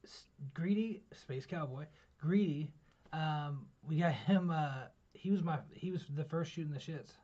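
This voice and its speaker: A man's voice: a little high, unhurried, mellow. A man hosting a casual podcast, telling loose profane stories and laughing a lot. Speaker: podcast host. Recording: lo-fi audio with faint noise.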